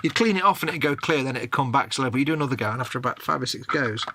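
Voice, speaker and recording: A man's voice: medium pitch, animated, very fast. A man chatting casually while building a scale model, jokey and rambling, with playful wordplay. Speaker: co-host of a modelling livestream. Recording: noisy home livestream audio.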